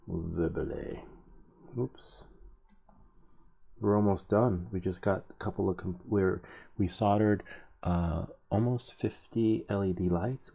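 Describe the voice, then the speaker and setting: A man's voice: lowish voice, vocal fry, mellow. A man hosting a soldering livestream, chatting casually and rambling through stories with chuckles. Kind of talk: casual chat while soldering.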